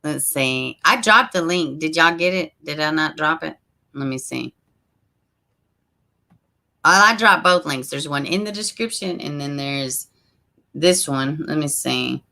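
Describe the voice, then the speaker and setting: Low, gravelly woman chatting on a livestream. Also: expressive, unhurried, long pauses. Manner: chatty, talks straight to viewers as "y'all"; frequent soft asides while fiddling with links. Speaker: livestream host. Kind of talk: casual livestream chat, reading viewer comments.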